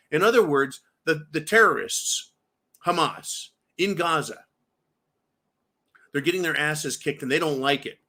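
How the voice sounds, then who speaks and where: A man's voice: a little high, normal speed, pushed and bright. A man hosting a political commentary show, ranting angrily and swearing constantly while he talks to his viewers. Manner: profane, furious, repeatedly addresses viewers as folks. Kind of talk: angry political rant.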